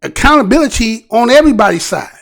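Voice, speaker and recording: A man's voice: extremely high pitch, sing-song, quick pace, vocal fry. A man hosting his own news commentary show, talking casually and animatedly, often asking "right?" and restarting his phrases. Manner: rhetorical, repeatedly asks "right?".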